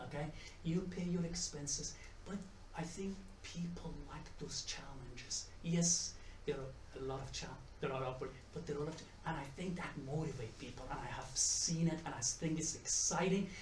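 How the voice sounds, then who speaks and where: A man's voice: fairly high pitch, normal speed, hardly any pauses, darkish tone, far from the mic, slight background noise. Man lecturing in an echoey hall. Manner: chatty, repeats and restarts words, tells jokes. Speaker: economics professor giving a talk. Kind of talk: conference presentation. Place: conference room with audience. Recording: echoey room, mic from afar.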